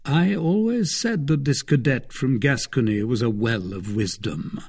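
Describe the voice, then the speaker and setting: A man reading the lines of a calm, dry-witted musketeer in a measured, low-key way, with a husky voice.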